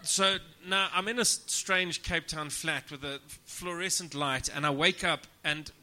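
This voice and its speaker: A man's voice: on the high side, unhurried, pushed and bright. A man, a comedian guest, telling crude, self-deprecating stories on a casual podcast and often laughing as he talks. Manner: laughs through his own stories.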